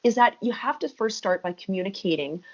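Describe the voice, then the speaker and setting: A woman's voice: medium pitch, animated, fairly quick. A woman in her thirties, a podcast guest, telling her story with energy and emphasis. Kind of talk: podcast interview. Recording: muffled lo-fi audio.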